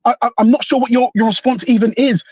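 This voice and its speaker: A man's voice: very high voice, steady tone, quick pace, darkish tone, breathy edge, no echo, highs cut off. A man arguing furiously on a live online panel, swearing and repeating himself.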